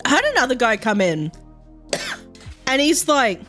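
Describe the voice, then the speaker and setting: Lively, foul-mouthed woman streamer. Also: sits high, measured pace, faint music behind. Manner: swears freely, animated storytelling with frequent laughs. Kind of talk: casual chat while gaming.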